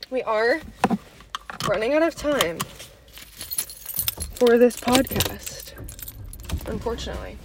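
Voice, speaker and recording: Chatty woman podcast host, slightly high. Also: lively intonation, slow pace, long pauses, noisy background. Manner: candid, chatty, often says "y'all". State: slightly out of breath. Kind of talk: casual podcast chat.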